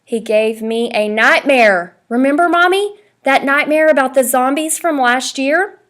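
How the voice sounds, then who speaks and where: A woman voicing an excitable, whiny young boy in a read-aloud storybook. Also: high voice, unhurried, voice pushed up. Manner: whining, excitable.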